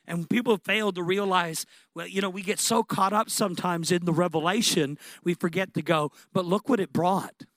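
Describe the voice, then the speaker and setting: High-voiced impassioned male preacher. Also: moderate pace, hardly any pauses, no room sound. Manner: impassioned, building to excited peaks. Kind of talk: sermon.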